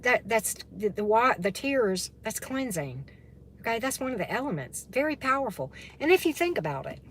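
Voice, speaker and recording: A woman's voice: medium pitch, a bit bright. Woman spiritual coach, chatty and casual with her viewers, keeps asking "right?". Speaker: tarot reader and spiritual coach. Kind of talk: casual livestream chat with viewers.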